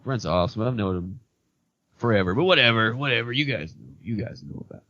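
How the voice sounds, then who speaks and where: A man with a low, gravelly voice co-hosts a casual gaming podcast, joking and rambling at his own expense. The sound is dry and close, on a dull lo-fi recording. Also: expressive, fast, pushed and bright, no echo. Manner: joking, rambling, self-deprecating. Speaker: podcast co-host. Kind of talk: casual chat.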